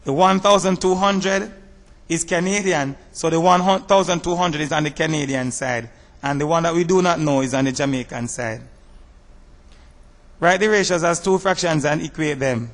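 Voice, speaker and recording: A man teaching a math lesson over slides, explaining step by step in a measured way and asking rhetorical questions. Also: a little high, big-room sound.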